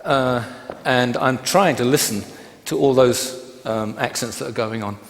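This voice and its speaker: A man's voice: medium pitch, measured pace, slight background noise. A man teaching a dance class, counting beats aloud and explaining steps plainly. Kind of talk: dance lecture. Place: large hall. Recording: echoey hall, long reverb, music behind.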